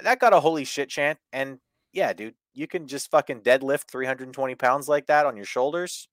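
A man's voice: mid-range voice, normal speed, dry recording. A man hosting a wrestling review show in loose casual chat. He swears freely and laughs a lot. His voice sits mid-range and sounds dry and close. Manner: profane, animated, laughs often. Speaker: podcast host.

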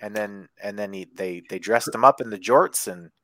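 A man's voice: lowish voice, moderate pace, pushed and bright, no echo. A man hosting a casual chat show, wry and sarcastic, drifting from point to point. His voice sits in a middle range, and the sound is dry and close. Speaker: podcast host.

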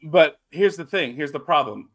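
Man, lively chatty co-host, brisk bright voice, casual podcast talk. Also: fairly high pitch. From South Louisiana. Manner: animated, drops into mock Cajun voices. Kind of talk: casual wrestling chat.

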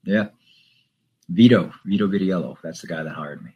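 Casting: low, husky-voiced radio man from the New York area, relaxed and anecdotal. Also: moderate pace, dull audio. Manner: easygoing, anecdotal, many fillers. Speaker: radio DJ and stadium announcer. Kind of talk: casual interview chat.

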